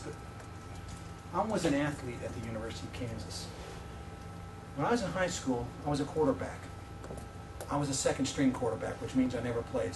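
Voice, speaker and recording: A man in his fifties, a visiting preacher, telling personal stories in a sermon with animated, joking delivery to his audience. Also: mid-range voice, far from the mic, background noise. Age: 50s. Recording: echoey hall, voice from off-mic.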